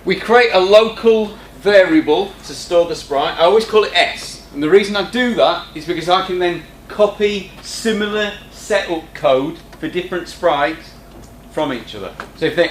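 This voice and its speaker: A man's voice: high-pitched, normal speed. A man teaching a coding lesson in a classroom, talking informally with teasing asides to his students. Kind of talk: screen-recorded coding tutorial. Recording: echoey room with faint background hum.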